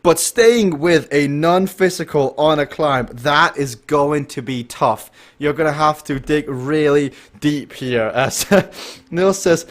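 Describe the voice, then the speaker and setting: A man giving lively, chatty live commentary on an esports race and joking with the chat. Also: a little high, slow. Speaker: race commentator and stream host.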